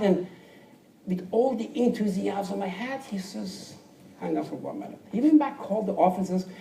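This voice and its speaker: A man with a foreign accent and a high-pitched voice tells his life story to an audience in a large room. He's animated, acting out the people he quotes and sometimes dropping almost to a whisper. The mic is distant and roomy, with faint background noise.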